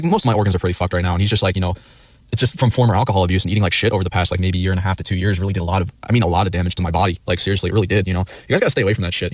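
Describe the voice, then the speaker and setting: Fast-talking low-voiced man ranting. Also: dry recording. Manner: rambling, swears a lot, acts out quoted chatbot replies. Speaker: livestreamer. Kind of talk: casual rambling stream chat.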